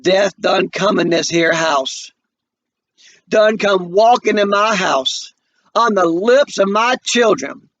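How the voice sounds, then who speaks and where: A man's voice: high voice, animated, a bit bright, dull audio, pitched above the performer's own voice. A man doing a stern, grave old mother. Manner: slow, weighty, scolding. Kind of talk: dramatic play reading.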